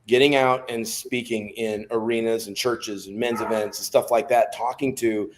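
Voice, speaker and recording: A man in his fifties tells his life story as a podcast guest. He speaks at a middling pitch in a relaxed, casual way and breaks into laughter between anecdotes. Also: normal speed, slight background noise. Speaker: podcast guest, former Navy SEAL.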